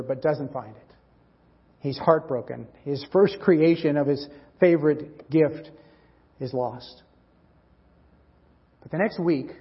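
A man's voice: fairly high pitch, husky. Man preaching in an echoing church hall. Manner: earnest storyteller who acts out dialogue. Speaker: pastor. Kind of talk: sermon with storytelling. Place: church sanctuary. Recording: dull, roomy church hall audio.

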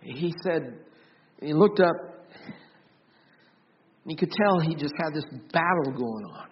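Earnest pastor preaching, lo-fi church audio. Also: male voice, on the high side, animated, takes it slowly, pauses often, slight background noise. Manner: earnest, repeats words and restarts often, rises loud for emphasis then drops soft. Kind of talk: sermon.

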